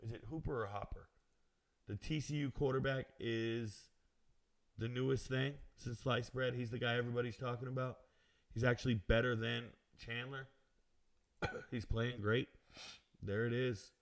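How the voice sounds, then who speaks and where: A man's voice: mid-range voice, fairly even intonation, normal speed, pauses often. A man hosting a live stream who reads out viewer comments and answers them in a brash, self-assured way, with casual slang and chatty asides. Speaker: sports betting show host.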